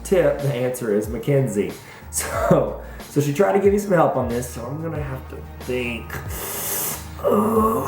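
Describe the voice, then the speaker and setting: A man's voice: mid-range voice, gravelly, a little mellow. A man with a Southern US accent, a school principal answering viewer questions in a playful, rambling, self-mocking way. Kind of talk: casual Q&A vlog. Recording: echoey room with faint music.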